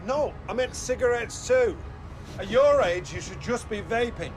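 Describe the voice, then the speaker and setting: A streamer voicing a weary father who scolds quietly and dryly. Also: medium pitch, expressive, normal speed, close to an everyday voice. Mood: scolding.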